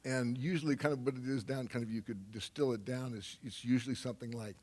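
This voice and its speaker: A man's voice: medium pitch, steady tone, fast, few pauses, a little mellow. An older man telling a loose, rambling anecdote on stage to a live audience, full of fillers and laughs. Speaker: guest speaker.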